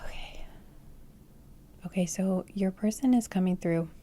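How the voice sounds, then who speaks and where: Brief: tired, hoarse woman tarot reader, low-key and gravelly, kept hushed, often dropping to a whisper. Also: fairly even intonation, unhurried. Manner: speaks very quietly, often slipping into a whisper. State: hoarse, voice nearly gone. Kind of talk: casual pick-a-card tarot reading. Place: dark room indoors.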